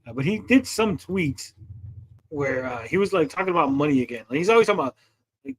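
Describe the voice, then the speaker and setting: Male livestream host, high voice, profane ranter. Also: expressive, quick pace, husky. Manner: profane, ranting, mocking. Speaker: podcast host. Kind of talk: casual livestream chat.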